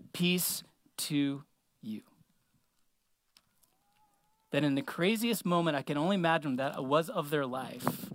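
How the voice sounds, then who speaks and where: A man preaching a sermon in a relaxed, conversational way, slowing his words down to stress a point. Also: fairly high pitch, dry recording. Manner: conversational, slows words down for emphasis.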